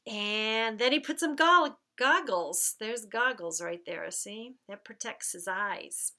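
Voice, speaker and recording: A woman leading a church children's message, speaking gently and slowly to young kids as she tells a story and prays. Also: fairly high pitch.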